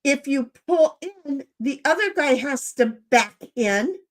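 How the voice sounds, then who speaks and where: A woman's voice: high voice, slow. A middle-aged woman hosting a casual livestream, telling rambling stories and checking in with her listener. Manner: chatty, rambling, animated, checks in with "okay?". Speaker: livestream host. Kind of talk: casual storytelling chat.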